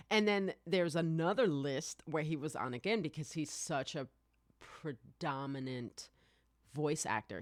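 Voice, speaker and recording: Excitable rambling podcast host, dry sound. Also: medium pitch, no echo. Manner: excitable, rambling, swears, laughs often. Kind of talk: casual live-stream podcast chat.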